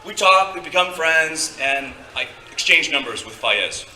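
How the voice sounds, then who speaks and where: On a convention stage before a live audience, a man tells a rambling story in a fairly high, animated voice that sounds pushed and bright, at an unhurried pace. He leans on fillers and restarts. The distant mic catches echo from the hall and a little hiss or hum.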